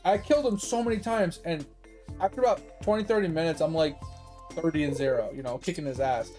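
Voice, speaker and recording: A man's voice: fairly high pitch, a little fast, dark tone, faint music behind. A man streaming games, telling a long rambling story from his childhood with lots of swearing and laughter. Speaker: gaming streamer. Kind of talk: casual storytelling on a game stream.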